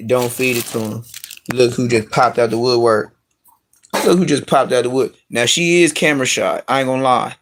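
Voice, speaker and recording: Man rambling on a live stream. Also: mid-range voice. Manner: rambling, profane, slangy. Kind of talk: casual live-stream chat. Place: at home with his dogs.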